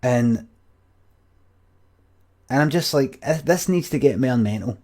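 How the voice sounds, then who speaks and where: A man's voice: mid-range voice, animated, takes it slowly, a little mellow. A Scottish man in his forties, rambling and swearing as he tells a story to his viewers on a stream.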